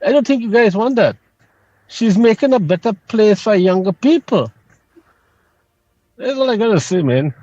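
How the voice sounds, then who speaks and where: Emphatic Trinidadian caller on a muffled line. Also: male voice, high-pitched, lively intonation, normal speed, long pauses, a little mellow, no echo. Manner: earnest, emphatic opinions. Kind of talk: phone-in call.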